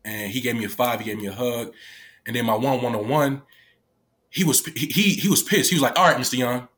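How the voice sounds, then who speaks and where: A man's voice: mid-range voice, fairly quick, fairly bright tone. Tearful man, rambling and swearing. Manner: rambling, peppered with "like" and "right?", swears freely. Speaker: vlogger telling a personal story. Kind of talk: casual emotional storytelling to camera.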